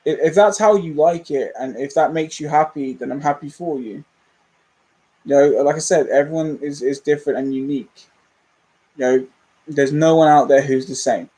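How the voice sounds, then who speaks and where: A man's voice: fairly high pitch, moderate pace, dark tone, low-quality recording. A young man, rambling candidly and self-deprecatingly as a movie channel host in a casual livestream chat.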